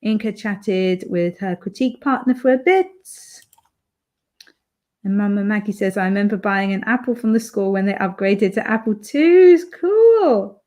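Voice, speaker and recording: A woman's voice: mid-range voice, lively intonation, normal speed, a little mellow. A woman from the UK hosting a live stream from home, chatting casually and reading viewer comments aloud with lots of fillers. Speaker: livestream host reading chat. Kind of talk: casual chat.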